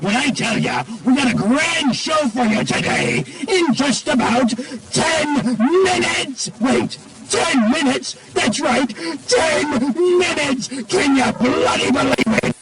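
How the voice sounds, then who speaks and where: A man voicing a boisterous male pirate fox animatronic, shouting pirate slang with a gravelly rasp. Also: very high voice, lively intonation, slow pace, hardly any pauses, very noisy, heavily acted. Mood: boastful showman. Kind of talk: cartoon voice acting.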